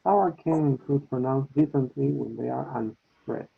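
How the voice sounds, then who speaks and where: A man teaching an online English class, slowly checking in with his students. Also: medium pitch, gravelly, breathy edge. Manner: slow, repeats with "okay?" and "no?" checks. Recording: tinny phone-like line.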